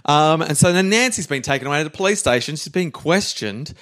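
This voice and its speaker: An easygoing man narrating a true story in casual podcast chat. He drifts into a quieter, lower mumble whenever he quotes the people in the tale. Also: expressive, a little fast. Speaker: podcast host telling a history story.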